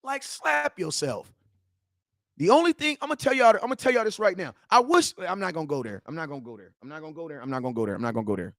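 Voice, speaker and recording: A man's voice: on the high side, very animated, fast talker, a bit bright, dry recording. A young man hosting a sports talk stream, heated and slangy, repeating himself and talking straight to his viewers. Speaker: sports talk show host. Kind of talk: live-stream sports rant.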